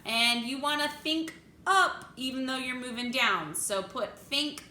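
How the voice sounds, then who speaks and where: A woman choir teacher gives a vocal lesson, coaching diction step by step and singing phrases for the class to copy. Her high voice is pushed and bright at a moderate pace, and the sound is roomy.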